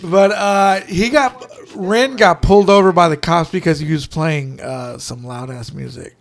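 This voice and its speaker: A man with a high-pitched voice and a gravelly fry in it. He chats casually and jokes with a friend while they watch a movie, and he swears freely as he tells stories. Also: a little slow. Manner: joking, storytelling, profane.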